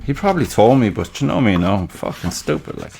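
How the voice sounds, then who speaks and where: A man's voice: on the low side, very animated, fast, creaky, a little mellow, slight background noise. A middle-aged man, hosting a casual solo podcast in a rambling, profane, self-mocking way. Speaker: podcast host.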